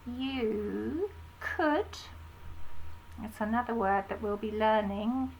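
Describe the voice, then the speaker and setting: A woman with an English accent, an infant school teacher giving a slow phonics lesson to young children, sounding out words clearly. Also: fairly high pitch, slight background noise, rough recording. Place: home, recording a home-learning video.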